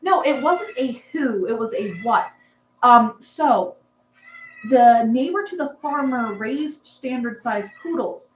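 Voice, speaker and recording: A woman's voice: fairly high pitch, expressive, slow pace. A young woman hosting a casual livestream, rambling and chatty, with plenty of "um"s and asides to her viewers. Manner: rambling, chatty, lots of "um"s, laughs with the chat. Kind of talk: casual live chat. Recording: echoey room with faint background hum.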